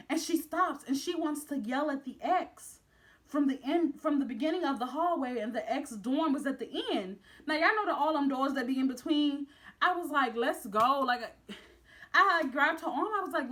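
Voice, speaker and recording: A young woman, retelling campus drama for her vlog in a bright, high voice. She gets dramatic and animated, jumping up in pitch whenever she acts out what people said. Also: normal speed. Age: young adult. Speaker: vlogger. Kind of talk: storytime vlog, casual retelling.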